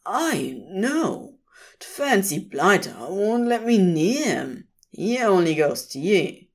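A woman voicing a gruff, plain-spoken old Scottish shearer who uses dialect words. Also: medium pitch, sing-song, takes it slowly, full character voice.

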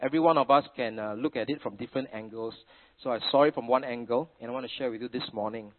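Speaking quickly at a middle pitch, a middle-aged preacher with a Singaporean English accent delivers a sermon packed with chatty family stories and Singlish particles. The audio is thin and tinny, as though heard over a phone line.

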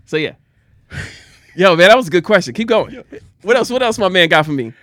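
A man co-hosting a casual chat, animated and quick to laugh loudly. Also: high voice, dry recording, clean studio sound. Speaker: podcast co-host.

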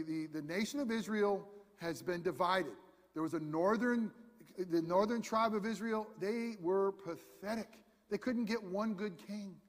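A man preaching a sermon as pastor, animated, acting out voices in his storytelling. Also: high-pitched. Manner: animated, acts out prophet and God in voices. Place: church sanctuary. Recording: long reverb in a large room.

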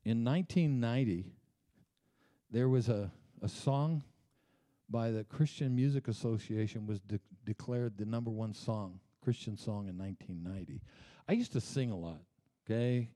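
A man's voice: on the low side, moderate pace, dark tone. A middle-aged man preaching a sermon in a church, telling personal stories in a conversational way and often checking in with "okay?". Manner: conversational, tag questions like "okay?". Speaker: pastor. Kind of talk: storytelling sermon. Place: church sanctuary.

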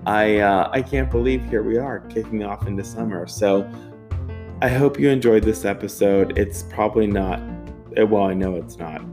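A man's voice: on the low side, moderate pace, over music. A man in his thirties hosting a podcast, telling a college story in a loose, rambling way, swearing and laughing often. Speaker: podcast host. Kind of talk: casual storytelling monologue.

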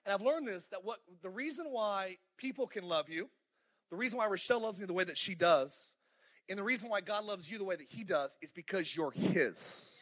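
A middle-aged male pastor preaching a fiery, animated sermon in a church auditorium, calling out to the congregation. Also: high-pitched, brisk. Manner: fiery, animated preaching with crowd call-outs.

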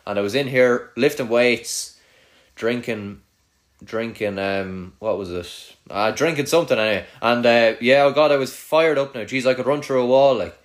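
A young man with a rural Irish accent chats casually, swearing freely and trailing off into mutters. His voice is mid-range and his pace moderate.

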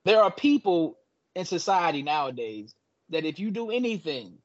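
A man co-hosts a casual gaming podcast, his voice pitched a little high. He talks in an animated way and trash-talks his friends with swagger. The audio sounds dull and lo-fi. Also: normal speed. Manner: animated, boastful trash talk. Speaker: podcast co-host. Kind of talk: casual chat.

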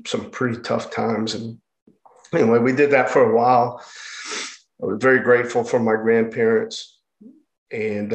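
A man giving a personal testimony about his hard childhood, speaking haltingly, with frequent restarts and pauses. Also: on the low side. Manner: halting, with many restarts and fillers. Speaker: speaker sharing his life story. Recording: roomy echo.

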